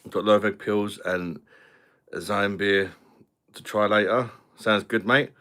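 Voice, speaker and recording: A man's voice: fairly low pitch, fairly even intonation, takes it slowly, a bit bright. A man from London with a British accent, chatting casually on a live stream and answering viewer comments. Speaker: beer review channel host.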